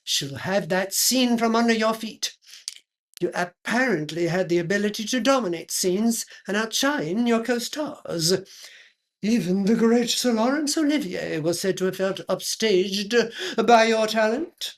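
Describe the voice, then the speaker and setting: A woman's voice: mid-range voice, expressive, lightly acted. A woman playing a pompous aristocratic hostess. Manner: pompous, affected, slow and drawling, dropping French phrases. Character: pompous aristocratic lady chat show hostess. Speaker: host.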